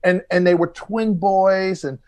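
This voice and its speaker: A man with a notably high speaking voice spins comedy stories in loose podcast banter. He talks animatedly and slips into the voices of the people he quotes along the way. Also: measured pace. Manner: animated storyteller acting out quotes. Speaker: comedian guest telling stories. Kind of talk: casual podcast chat.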